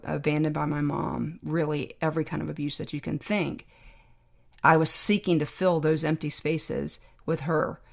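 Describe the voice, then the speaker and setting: Low, gravelly-voiced woman telling her story. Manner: reflective, heartfelt, measured. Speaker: podcast guest. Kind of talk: personal storytelling.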